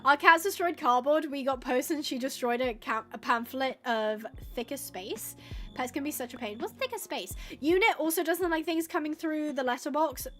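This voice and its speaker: A woman with a high voice chats away on a live gaming stream, rambling from one story to the next. She laughs often and slips into little acted-out quotes. Faint game music plays softly underneath. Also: moderate pace. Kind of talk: casual live-stream chatter while gaming.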